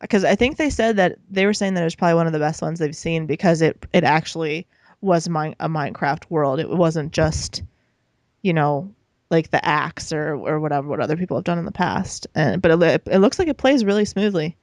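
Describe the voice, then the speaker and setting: A woman's voice: low voice, a little fast, darkish tone, no room sound, clean studio sound. Giggly young woman rambling on a podcast. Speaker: podcast co-host. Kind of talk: casual chat.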